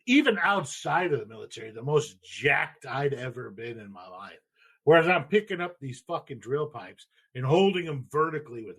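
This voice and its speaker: A man's voice: mid-range voice, a bit bright, breathy edge. A man in his thirties hosting a podcast, telling a story in a loose, profane, rambling way. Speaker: podcast host. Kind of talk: casual storytelling.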